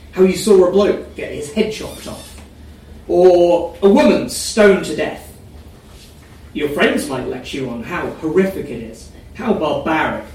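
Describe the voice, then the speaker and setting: A man giving a dry, deadpan live reading of a first-person story. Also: a little high. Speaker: story reader. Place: reading event in a room. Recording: echoey room, mic far off, faint noise.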